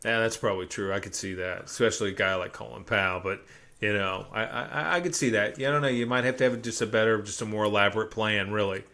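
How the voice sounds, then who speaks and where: A man's voice: on the low side, fairly even intonation, quick pace, sharp tone. Aggrieved ranting male podcast host. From Ohio. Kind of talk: deadpan comedic podcast banter.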